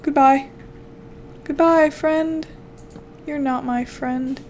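A woman's voice: high-pitched, fairly even intonation, slow, a little mellow, slight background noise. A young woman chatting playfully to herself while commenting on her game as a channel host. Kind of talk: casual gameplay commentary.

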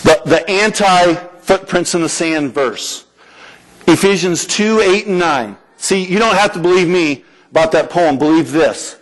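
High-voiced animated male preacher. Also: a little slow, poor audio. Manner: animated, acts out prayers and dialogue in quoted voices. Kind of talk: sermon. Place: church.

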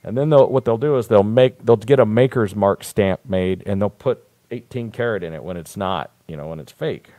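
A man's voice: fairly low pitch, normal speed, few pauses, warm tone, no echo. A man hosting a live talk show, telling rambling stories in a blunt, profane, casual way. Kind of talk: casual live-stream monologue.

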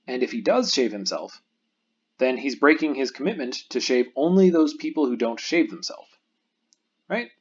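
A man at a middle pitch with a slightly husky voice explains a math lecture patiently, step by step. His intonation moves a lot, rising and falling as he walks through each case. The recording sounds a little dull and lo-fi. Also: lively intonation. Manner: patient explanatory lecturing, pauses for the viewer to think.

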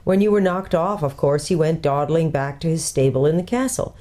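A woman's voice: sits low, lively intonation, fairly quick, mellow. A woman doing a courtly, learned old tutor. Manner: courtly, precise, explaining. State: out of breath from hurrying. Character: learned old male tutor, brisk, kindly.

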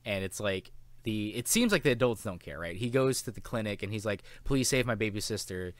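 A man co-hosting a casual film review chat, animated and swearing often as he acts out lines from the film. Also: on the low side, a little fast, no room sound. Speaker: podcast co-host.

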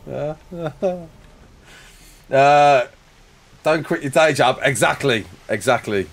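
A man's voice: mid-range voice, animated, slow, gravelly, pauses often. A man streaming a game live, chatting and joking with viewers, laughing often, on a headset mic. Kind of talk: live gameplay chat.

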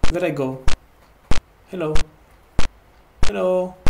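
A man's voice: sits high, slow pace, gravelly, noisy background. A man with a mock Transylvanian vampire accent, playing a horror game, speaking broken English and jumping to panicky yelps. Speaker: horror game let's-player as vampire host. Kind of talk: gaming commentary.

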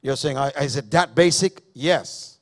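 A man's voice: on the high side, measured pace. A man delivers a Sunday sermon. He preaches emphatically and circles back to the same phrases. He keeps testing the congregation with direct questions. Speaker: pastor. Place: church service.

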